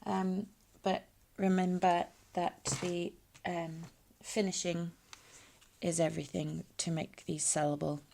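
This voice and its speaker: A woman hosting a craft tutorial, hesitant with many ums, dropping to soft murmurs as she works with her hands. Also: on the low side, flat delivery, slow, creaky, slight background noise. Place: home craft space.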